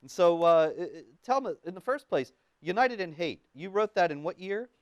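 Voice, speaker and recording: A male talk show host who interviews his guest and reads quotations in a measured way. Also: high voice, lively intonation, no echo.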